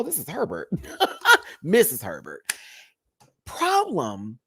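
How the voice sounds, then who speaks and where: A man's voice: fairly high pitch, pushed and bright, dry recording, clean studio sound. A man with a Southern American accent, chatting casually and laughing often as he reviews a reality TV episode. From Southern United States.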